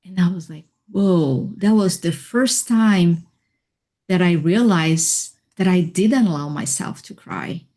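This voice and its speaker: A woman guest on a video call, telling her own story slowly and thoughtfully, with soft laughs and fillers. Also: on the low side. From Hawaii. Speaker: interview guest, healer and life coach. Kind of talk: reflective personal storytelling.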